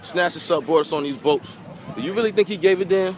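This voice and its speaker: A vlogger with a higher voice talks fast to camera outdoors by a pier near water, a crowd in the background alongside wind and water noise. His emotional, impassioned monologue is preachy and repetitive, full of swearing, and he calls his viewers family.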